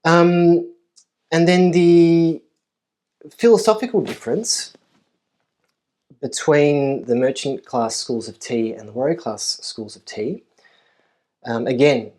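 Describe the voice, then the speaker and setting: A man's voice: medium pitch, darkish tone. Man giving a thoughtful, hesitant lecture. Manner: thoughtful, with frequent ums and uhs; measured, repeating key phrases for emphasis. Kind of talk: conference lecture. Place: university conference room.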